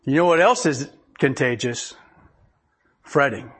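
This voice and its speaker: A man's voice: medium pitch, unhurried, fairly bright tone, slightly rough. A man preaching a conversational sermon, folksy and chuckling often as he reads scripture aloud. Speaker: pastor.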